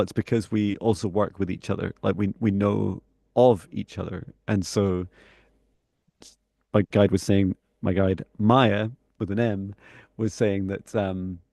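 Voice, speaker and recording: Male co-host, gravelly, laid-back conversational delivery. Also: lowish voice, no room sound, studio quality. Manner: relaxed, chatty, laughs between thoughts. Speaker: psychic mentor and co-host. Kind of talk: live-stream casual chat.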